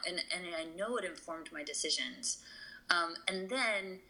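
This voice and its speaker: A woman's voice: on the low side, a little slow, sharp tone, rough recording. A woman guest on a podcast, talking earnestly and emotionally, with lots of fillers and restarts. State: tearful. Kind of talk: conversational interview.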